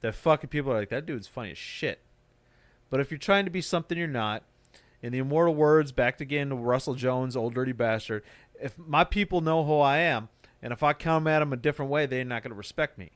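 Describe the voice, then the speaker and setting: A man with a mid-range voice talks a little fast on a dry recording. He's a stand-up comic hosting a podcast, ranting in a casual, profane, motivational way as he chats.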